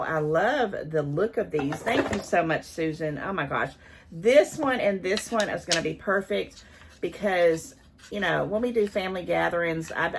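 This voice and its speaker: An older woman chats through a haul of gifts, gushing and grateful at every item. Her voice sits a bit low, and a faint hiss runs under the recording. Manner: chatty, gushing, thankful. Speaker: haul vlogger. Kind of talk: casual unboxing chat.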